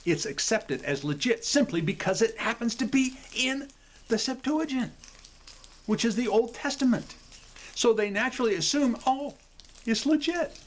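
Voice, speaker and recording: A man's voice: high-pitched, a little hiss or hum. A man hosting a video from his home, explaining things in a casual, rambling way, often apologizing and checking in with "okay?". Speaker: video host. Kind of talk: casual explanatory talk to camera.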